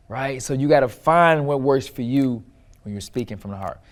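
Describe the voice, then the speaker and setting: A middle-aged man teaching how to write and perform a personal story, with expressive shifts in loudness and pitch and repetition for emphasis. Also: normal speed. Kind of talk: instructional talk to camera.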